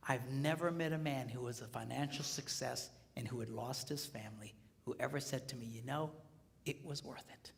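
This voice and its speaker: A man giving a live relationship seminar, swinging between hushed whispers and shouts. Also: mid-range voice, normal speed, vocal fry. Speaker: seminar speaker. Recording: echoey hall.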